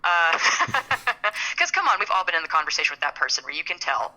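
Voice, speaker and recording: A young woman co-hosts a podcast in loose, rambling conversation, often trailing off and stammering as she hunts for the right words. Her voice sits a little low but has a very bright, ringing edge. She keeps the chat relaxed and talkative. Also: fairly quick, low-quality recording. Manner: chatty, rambling, stammers when searching for words. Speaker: podcast co-host. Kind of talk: casual chat.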